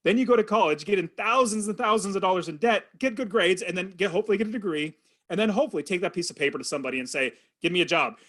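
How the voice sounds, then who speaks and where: Earnest man telling a story, slightly high. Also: very fast. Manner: earnest, animated storytelling with quoted inner thoughts. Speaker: podcast guest, real estate investor. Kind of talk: storytelling in an interview.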